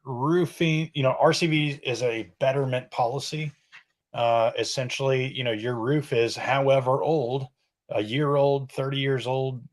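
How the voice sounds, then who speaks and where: A male podcast guest explaining how roof insurance works, filling his sentences with "you know" and "um". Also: mid-range voice.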